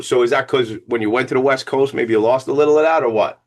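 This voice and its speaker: A man hosting a radio talk show, speaking with a Long Island New York accent, excitable and rambling, cracking jokes. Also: mid-range voice, fast talker, few pauses. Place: radio studio.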